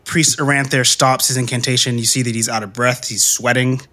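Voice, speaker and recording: Speaking briskly in a medium-pitched voice, a man narrates a scene as the game master of a tabletop role-playing game. His relaxed storytelling is full of fillers and easy laughs.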